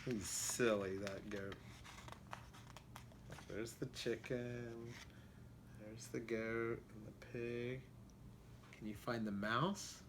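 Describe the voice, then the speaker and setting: Man reading to kids, slow unhurried pace, bright voice, asks the listeners questions, faint background noise. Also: medium pitch. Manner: expressive, stops to ask listeners questions. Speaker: storybook reader. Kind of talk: children's storybook read-aloud.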